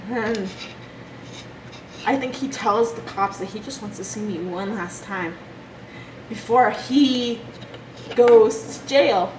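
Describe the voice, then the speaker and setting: A young woman telling a personal story from her childhood in a halting, emotional way. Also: fairly high pitch. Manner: emotional, halting retelling with restarts. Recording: echoey room with background noise.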